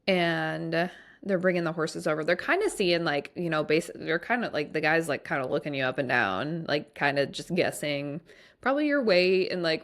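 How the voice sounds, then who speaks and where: Woman, podcast host, casual rambling monologue, lots of fillers, gravelly vocal fry. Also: fairly low pitch. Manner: chatty, rambling, heavy use of fillers like "like" and "um".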